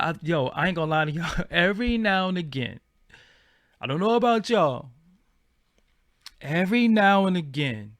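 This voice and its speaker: A man hosts a casual livestream, talking in a slangy, rambling flow. His voice sits a little high. The sound is dry and close, with no room echo. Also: a bit bright. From Brooklyn, New York. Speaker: channel host.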